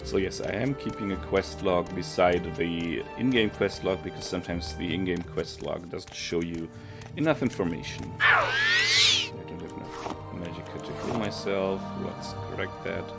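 A deep-voiced man talks through his gameplay, thinking aloud and catching his own slips. His voice is low and gravelly with a lively, swinging pitch, and game music plays behind him. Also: a little slow. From Germany. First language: German. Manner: thinking aloud, self-correcting. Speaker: let's play streamer. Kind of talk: casual gameplay commentary.

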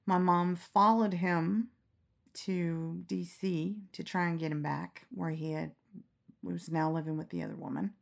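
A middle-aged woman telling candid stories in a relaxed interview, frank and quick to laugh, acting out the lines she quotes. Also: on the low side, vocal fry. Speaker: storyteller guest. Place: lying down in a quiet room.

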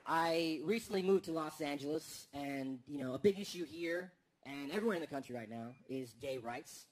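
A man doing a stand-up comedy set on stage, telling stories deadpan and then bursting into loud, exaggerated rants. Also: a little high, moderate pace. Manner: deadpan storytelling that breaks into loud, exaggerated outbursts. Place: comedy stage before a live audience. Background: audience laughter and applause.

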